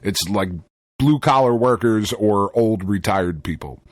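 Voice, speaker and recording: A man's voice: lowish voice, unhurried, no echo. A man co-hosting a podcast, telling a story in casual, profane chat and laughing often. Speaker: podcast co-host.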